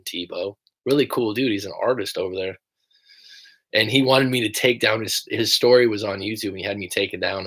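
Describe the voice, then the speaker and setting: Give me a rambling young American man, a breakup coach talking casually, with a fairly low voice. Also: a bit bright. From United States. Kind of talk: casual livestream chat.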